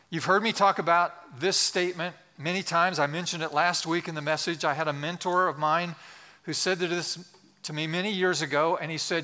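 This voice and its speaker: A male pastor preaching a sermon in an earnest, exhorting way, slowing down to stress key words. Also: a little high, steady tone, sharp tone. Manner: earnest, exhorting, slows for emphasis.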